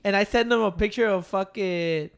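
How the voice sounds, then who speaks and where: A man's voice: sits high, moderate pace, smooth. A young man, telling brash, profane stories in casual chat with a friend.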